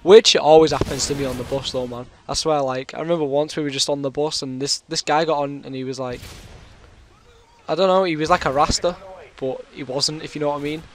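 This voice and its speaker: A man's voice: fairly high pitch, steady tone, fairly quick, slight background noise. A British man with a sore throat, telling a long rambling story in casual chat over his gameplay. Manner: rambling, chatty, full of fillers. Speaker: gaming commentator.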